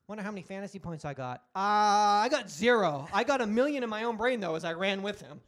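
A man in his forties chatting casually as a podcast host, telling animated stories, acting out loud quotes and swearing freely. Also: sits high, fast. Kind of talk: casual chat.

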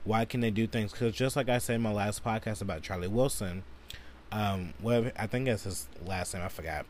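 A man's voice: fairly low pitch, fairly quick, a little mellow, a little hiss or hum. A man hosting a solo podcast, ranting angrily and profanely with lots of filler words. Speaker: podcast host.

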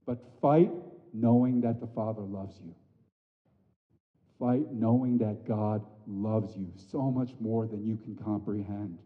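A man in his thirties preaching a sermon, animated, rising to loud emphatic peaks and dropping to soft, hushed lines. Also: fairly low pitch, slow pace. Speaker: pastor. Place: church sanctuary. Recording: dull audio with long hall reverb.

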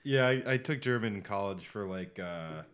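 A man's voice: on the low side, lively intonation, normal speed, a bit bright. A man in his twenties chatting casually, dropping dry joking remarks and laughing often. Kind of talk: casual chat.

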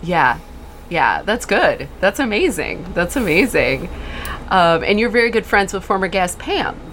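A woman's voice: mid-range voice, big pitch swings, a little slow, a bit bright, a little hiss or hum. Bubbly woman hosting a podcast. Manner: bubbly and upbeat. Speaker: podcast host. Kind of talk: casual podcast chat.

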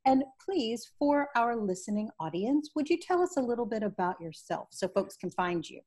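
A woman's voice: a little high, sing-song, normal speed, warm tone. A woman hosting a podcast interview, welcoming her guest and asking questions. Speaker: podcast host.

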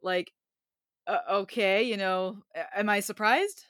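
A woman chats easily about a film, reacting in a relaxed way. Her voice is bright and forward. The sound is dry and close. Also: medium pitch, a little slow, no echo. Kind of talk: casual chat reviewing a film.

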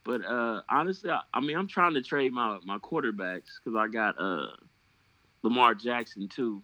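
A man's voice: medium pitch, expressive, moderate pace, pushed and bright, no echo, poor audio. A man hosting a podcast, chatting casually and jokingly about fantasy football trades, swearing and trailing off into fillers. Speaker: podcast host.

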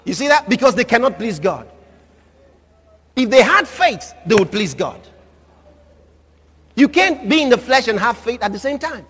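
A man preaching a sermon, leading the congregation in call-and-response and shouting at the high points. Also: very animated, moderate pace, pauses often, breathy edge. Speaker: pastor. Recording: live hall with crowd and noise behind.

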